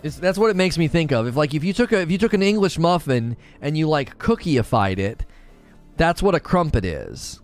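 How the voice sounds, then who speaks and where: Man streamer, casual jokey chat, lively pitch, faint music behind. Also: moderate pace. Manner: jokey, laughs often, does mock British voices.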